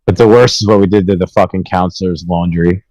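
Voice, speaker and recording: A man's voice: deep voice, steady tone, brisk, a little mellow, no room sound, poor audio. A young man telling rambling, profanity-filled stories with laughs in a casual podcast chat. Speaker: podcast host.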